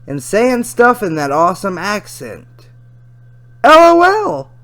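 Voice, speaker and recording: A reader voicing a giggly teenage girl in a chat log, reading "L O L" out loud with lively pitch. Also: takes it slowly, full character voice. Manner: giggly, says "L O L" aloud.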